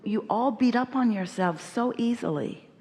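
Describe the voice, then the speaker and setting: A woman's voice: a little high, animated, moderate pace, a little mellow. A woman giving an inspirational seminar talk to an audience member, speaking emphatically as a collective "we" and explaining patiently. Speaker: workshop speaker. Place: large hall at a live workshop. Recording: echoey hall with long reverb.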